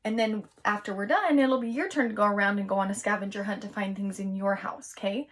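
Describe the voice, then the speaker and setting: Patient woman teaching young kids. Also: medium pitch. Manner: patient, encouraging, slow sounding-out of words. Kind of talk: recorded home lesson for young children.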